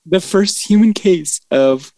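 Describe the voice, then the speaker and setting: A man's voice: sits high, takes it slowly, warm tone, no echo. A young man co-hosting a late-night podcast, giggling as he reads odd news aloud. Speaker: podcast co-host.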